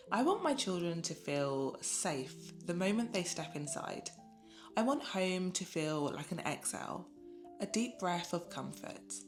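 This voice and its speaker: A woman with a slightly low voice narrates a reflective piece about motherhood in a soft, soothing, unhurried manner. Her words are scripted and calmly paced, like a voice-over. Music plays clearly beneath her voice throughout. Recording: voice-over with music playing underneath.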